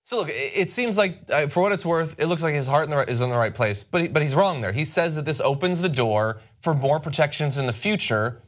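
A man co-hosting a political discussion, speaking in a measured, analytical way. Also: a little high, lively intonation. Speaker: co-host.

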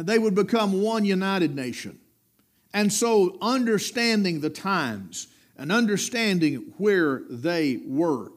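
A middle-aged man preaching a sermon, with rising emphatic peaks and low dropped endings.

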